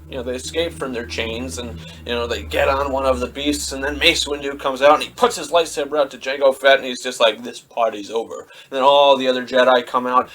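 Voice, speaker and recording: A young man giving a casual spoken film review, rambling with lots of fillers and bursting into animated mimicry of the dialogue. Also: mid-range voice. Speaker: movie reviewer.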